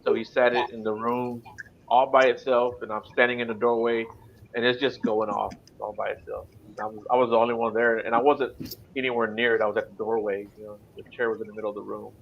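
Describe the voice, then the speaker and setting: A man's voice: mid-range voice, flat delivery, fast, creaky. Texan man as casual podcast host, loose and filler-heavy, muffled lo-fi sound. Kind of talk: casual interview. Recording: dull lo-fi sound, faint hum.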